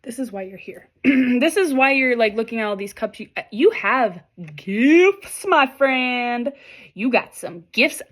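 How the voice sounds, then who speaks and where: A young woman with a high-leaning, slightly slow voice gives an animated, casual tarot reading. She speaks straight to her viewers and swears freely.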